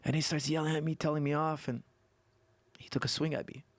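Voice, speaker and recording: A man who is a guest coach on a podcast, telling stories and explaining technique in an animated way that repeats points for emphasis. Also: fairly high pitch, fairly quick. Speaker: guest martial arts coach. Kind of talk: casual podcast conversation.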